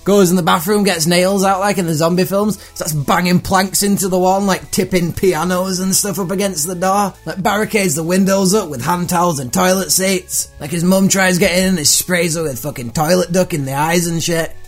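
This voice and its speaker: A man hosts a comedy podcast and riffs on odd news items in an irreverent, profane way. His voice sits fairly high for a man. Faint music plays under him. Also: steady tone, brisk, few pauses. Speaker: podcast host. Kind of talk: comedic monologue reading tweets.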